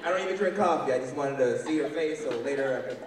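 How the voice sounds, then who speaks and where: A young man from the West Coast doing a loud, animated stand-up comedy set, acting out both sides of his stories in a large hall. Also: mid-range voice, fast talker. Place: large hall with live audience. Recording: echoey hall from far off, loud crowd noise.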